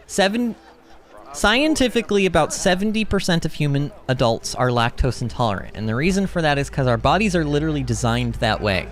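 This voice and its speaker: A man hosting a gaming livestream, chatting in a rambling, animated way, reading chat and laughing often. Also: a little high, fairly quick. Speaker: livestream host. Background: game music.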